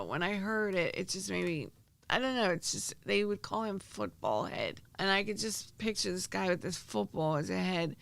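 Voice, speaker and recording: A woman, hosting a true crime podcast and telling stories in an animated, rambling way with many restarts. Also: lowish voice, vocal fry. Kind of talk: casual storytelling.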